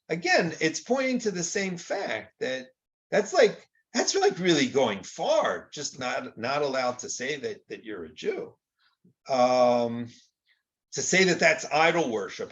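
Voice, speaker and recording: A man's voice: medium pitch, fairly bright tone, highs cut off. An older man teaching Torah in an informal, conversational lecture, often acting out quoted exchanges with rhetorical rises.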